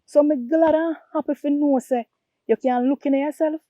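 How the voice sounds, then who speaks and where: A woman's voice: sits high, fairly even intonation, normal speed, mellow, no room sound, lo-fi sound. A woman with a Jamaican accent playing a big sister who lectures her brother on abuse, talking in emphatic, preachy patois. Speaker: big sister giving advice. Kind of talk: Jamaican comedy-drama skit.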